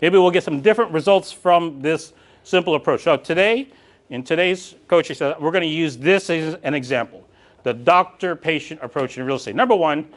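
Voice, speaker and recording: A man with a fairly high voice and a slightly quick pace leads a live real estate coaching session. He's animated, cracking jokes and calling on members of the audience.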